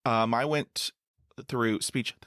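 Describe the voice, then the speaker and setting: A middle-aged man hosting a podcast interview, speaking slowly with stutter blocks and repeated sounds. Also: medium pitch, steady tone, a bit bright, smooth, no room sound, clean studio sound. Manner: slow, halting speech with stutter blocks. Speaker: podcast host.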